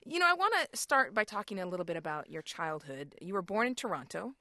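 A woman hosting a radio interview, asking questions in a measured, probing way. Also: mid-range voice, sing-song, bright, forceful tone, dry recording, studio quality. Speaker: radio host.

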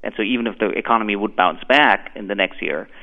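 A man with a German accent, an economics professor explaining his research in a measured way over the phone. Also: lowish voice, creaky. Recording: tinny phone line.

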